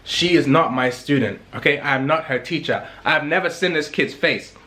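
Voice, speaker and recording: A young man from England, telling a story in a casual vlog in an animated, emphatic way, repeating lines for effect. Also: fairly high pitch, normal speed.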